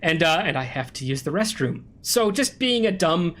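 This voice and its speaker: Rambling young American streamer, rather high voice. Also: male voice, very animated, normal speed, fairly bright tone. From United States. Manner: rambling storyteller who chats with viewers and laughs at himself. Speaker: game streamer. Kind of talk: casual live-stream chat while gaming. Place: home streaming room with a green screen.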